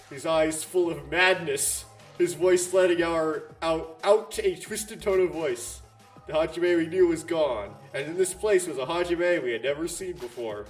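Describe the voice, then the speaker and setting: A man's voice: a little high, a little slow, distant mic, soft background music. A man playing through a visual novel and reading its narration aloud in a plain way. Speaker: let's player.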